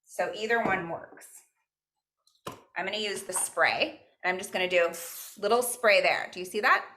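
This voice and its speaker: A woman's voice: mid-range voice, moderate pace, pushed and bright, slight background noise. A woman teaching a virtual cooking class, upbeat and encouraging, weaving Spanish words and counting into her instructions. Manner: upbeat, mixes in Spanish phrases and counts aloud. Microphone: video call.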